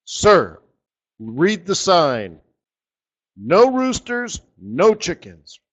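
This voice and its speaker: A man's voice: high voice, huge pitch swings, very slow, heavily acted. A man voicing a firm bartender turning a customer away, told as part of a joke. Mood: stern. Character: stern bartender refusing a rooster.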